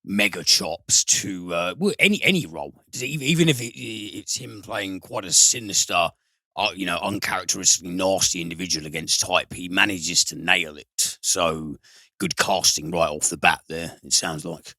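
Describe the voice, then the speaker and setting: A man co-hosting a film podcast, talking with enthusiasm and drawn-out emphasis. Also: low voice, pushed and bright, no room sound. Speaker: podcast co-host. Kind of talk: casual film chat.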